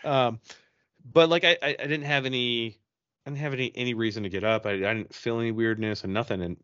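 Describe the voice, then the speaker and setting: A man's voice: mid-range voice, a little fast, no echo, muffled recording. A man on a podcast casually telling a ghost story, profane and rambling, acting out his own reactions. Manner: profane, rambling, animated retelling.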